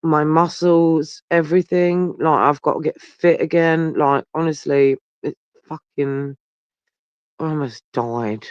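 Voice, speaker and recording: A man's voice: a little high, steady tone, slow pace, clear, resonant tone, no echo. Brief: weary bloke rambling at viewers, phone right up to his face, dull dry sound. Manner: rambling, sweary, talks straight to viewers. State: tired and yawning. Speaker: livestreamer. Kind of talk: casual live chat with viewers. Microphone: phone held very close.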